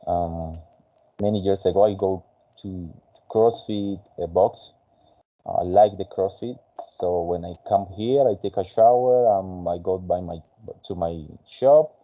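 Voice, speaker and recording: A man whose first language is Spanish, teaching an English conversation class in a halting way with many fillers. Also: sits low, dull audio.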